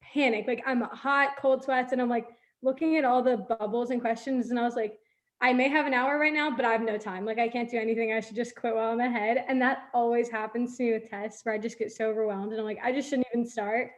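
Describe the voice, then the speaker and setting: A woman's voice: on the high side, fairly even intonation, fast talker. A young woman recounting an anxious test day in casual chat, heavy with "like" fillers. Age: young adult. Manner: chatty, lots of "like" fillers.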